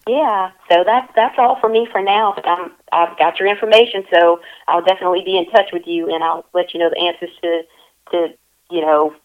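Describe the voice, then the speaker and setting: A woman's voice: fairly low pitch, steady tone, brisk, narrow, tinny audio. A woman interviewing someone over the phone, playful and teasing, laughing often.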